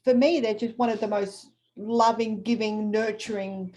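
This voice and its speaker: A woman's voice: mid-range voice, steady tone, moderate pace, mellow. A middle-aged Australian woman co-hosting a podcast, chatting bluntly and swearing freely. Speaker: podcast co-host. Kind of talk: casual chat.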